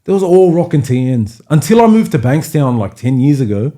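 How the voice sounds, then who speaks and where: A young Australian man with a Sydney accent, telling stories on a podcast in a casual, animated way, acting out other people's voices with plenty of slang. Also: medium pitch, brisk. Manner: animated storyteller, acts out voices, heavy slang and swearing. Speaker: podcast guest, DJ.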